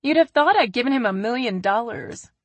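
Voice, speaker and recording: A woman's voice: fairly high pitch, lively intonation, fairly quick, no room sound, voice pushed up. A woman reading the lines of a playful, cheerful young professional woman in a romance story. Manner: cheerful, playful, soft at times.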